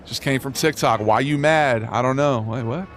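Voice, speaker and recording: A laid-back young man streams and chats with his viewers in an easy, slangy way, tossing "bro" and "dog" around. Loud music from the game runs under his voice the whole time. His pitch sits in an ordinary middle range. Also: normal speed. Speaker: live streamer. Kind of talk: casual chat with live viewers. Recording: music playing loudly underneath. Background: game music playing under the voice.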